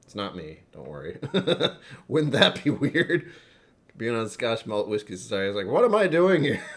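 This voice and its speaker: A man hosting a whiskey tasting livestream, chatting casually with viewers in a wry, self-mocking way. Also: fairly low pitch.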